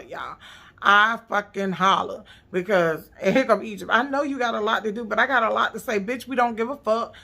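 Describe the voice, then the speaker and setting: Woman, gravelly mid-pitched voice, blunt and profane, casual recap commentary. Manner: blunt, profane, animated, rants at the cast. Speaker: reality TV recap vlogger.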